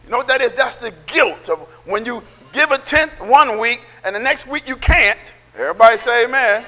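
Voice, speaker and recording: A man preaching a sermon, loud and emphatic, almost yelling, and calling for amens from the congregation. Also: very high-pitched, expressive, moderate pace, in a large hall. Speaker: pastor.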